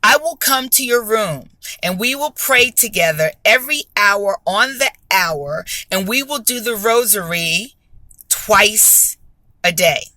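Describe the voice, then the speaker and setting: A woman's voice: medium pitch, expressive, slow pace, pushed and bright, no echo. A woman voicing a firm, no-nonsense former nun who speaks bluntly and admonishingly. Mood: stern.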